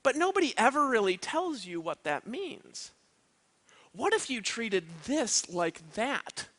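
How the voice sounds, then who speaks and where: A man's voice: very high voice, big pitch swings, slow, a bit bright. A man giving a live motivational seminar talk, emphatic and checking in with "right?" and "you know what I mean?". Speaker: motivational speaker. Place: event stage.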